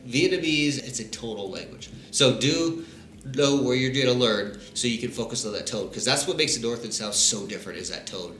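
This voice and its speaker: A man's voice: medium pitch, fairly quick, fairly bright tone, echoey room, slight background noise. A man vlogging casually to camera, chatty and informal, laughing now and then between points. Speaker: travel vlogger. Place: living in Vietnam.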